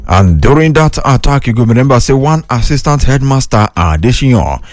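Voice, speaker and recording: A man's voice: medium pitch, sing-song, brisk, dry recording, soft background music. Man reading radio news in Pidgin. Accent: Nigerian Pidgin.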